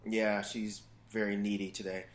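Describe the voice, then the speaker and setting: A man's voice: lowish voice, moderate pace. A man in his thirties chatting casually as a guest, loose and profane, telling stories about his family. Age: 30s. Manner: loose, profane, animated storytelling. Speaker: podcast guest. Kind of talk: casual chat.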